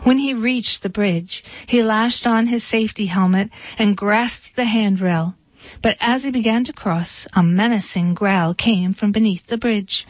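A woman reading a storybook in a dry, deadpan way. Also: medium pitch, unhurried, no echo. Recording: dull, dry recording.

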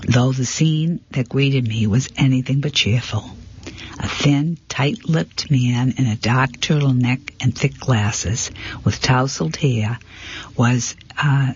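A man narrating a first-person mystery novel in a steady reading voice, sometimes stumbling and correcting himself. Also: medium pitch, unhurried, breathy edge, highs cut off. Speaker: audiobook reader.

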